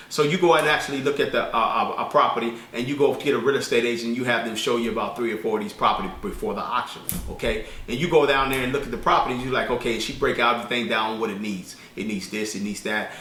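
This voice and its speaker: A man teaching an informal spoken lesson as a business credit instructor, talking fast and colloquially, rambling with restarts. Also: mid-range voice, sharp tone, a little hiss or hum. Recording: echoey room, distant mic.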